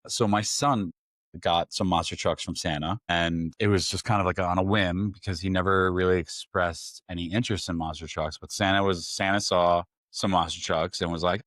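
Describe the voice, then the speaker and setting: A man's voice: deep voice, moderate pace, no room sound, clean studio sound. A man in his forties co-hosting a podcast, chatting casually with lots of filler words. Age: 40s. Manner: relaxed, chatty, plenty of "like" fillers. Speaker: podcast co-host. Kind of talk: casual chat.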